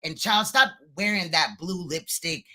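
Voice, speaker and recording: Very bright-voiced man roasting people. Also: high-pitched, unhurried. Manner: crude, mocking, profane. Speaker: co-host commentator. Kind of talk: roasting live commentary.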